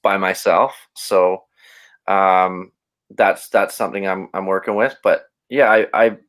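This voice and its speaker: A man's voice: low voice, steady tone, a little slow, fairly bright tone. A man speaking as a podcast guest, reflective and open, often restarting his sentences. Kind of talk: casual interview chat.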